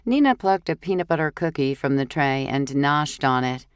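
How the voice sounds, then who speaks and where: A woman narrating a cozy mystery audiobook in a measured, even storytelling voice. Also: sits low, clean tone, no echo, clean studio sound. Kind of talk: scripted narration.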